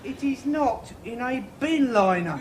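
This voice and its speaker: A man's voice: very high voice, expressive, measured pace, very noisy. An officious indignant binman. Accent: British English. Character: indignant male binman, preachy. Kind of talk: studio sitcom acting. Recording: roomy TV sitcom set with audience.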